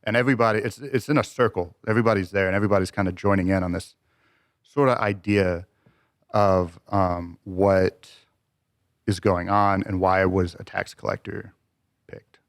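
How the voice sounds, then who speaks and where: A man with a very low voice, co-hosting a podcast and speaking in a thoughtful, unhurried way with plenty of ums and uhs. The room is dry and close to the mic. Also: fairly even intonation, dry recording. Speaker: podcast co-host. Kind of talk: casual podcast chat.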